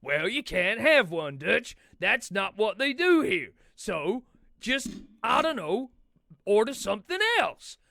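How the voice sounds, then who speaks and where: Arthur, a man doing a weary gruff gunman. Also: high voice, sing-song, takes it slowly, pushed and bright, no echo, studio quality, exaggerated voice. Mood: exasperated. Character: weary, exasperated male outlaw gunman. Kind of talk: comedic improvised impression.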